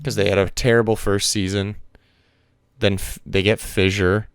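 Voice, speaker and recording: A man co-hosting a casual esports podcast, chatting quickly through teams and players. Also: lowish voice, level tone, clean tone, dry recording, studio quality. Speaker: podcast co-host.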